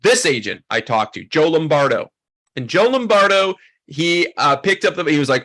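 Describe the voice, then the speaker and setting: A man teaching a photography workshop, telling a story in an animated, chatty way full of "like" and "um". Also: on the high side, moderate pace. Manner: animated, chatty, heavy use of "like" and "um". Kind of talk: storytelling lesson to a class.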